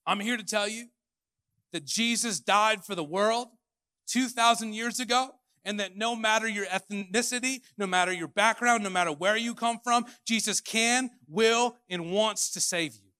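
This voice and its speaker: A man with a high, bright voice preaches with lively energy, jumping from hushed, quiet asides to loud, ringing declarations. His sound is close and dry, with hardly any room around it. The tone is that of a pastor giving a Sunday sermon. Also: moderate pace, no echo. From Canada. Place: church hall.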